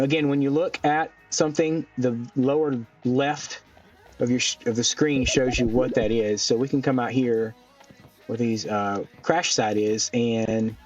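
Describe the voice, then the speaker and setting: A man's voice: medium pitch, darkish tone. Rambling man narrating gameplay, slightly distant. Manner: rambling, thinks aloud with many ums. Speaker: gaming channel host. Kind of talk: casual let's-play commentary. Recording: dull lo-fi mic a bit off, faint music. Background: faint background music.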